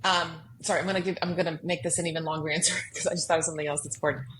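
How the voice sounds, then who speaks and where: An earnest woman guest in a podcast studio, telling her story with emphasis. Her voice sits on the low side for a woman, and she acts out her own anxious inner voices. A faint noise hums under the recording. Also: steady tone, racing, a bit bright, low-quality recording. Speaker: guest author.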